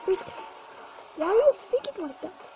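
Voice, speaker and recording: A woman voicing a gentle, protective mother who calmly reassures her child, in a fan-made role-play. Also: very high-pitched, unhurried, faint music behind, heavily acted, poor audio. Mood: concerned.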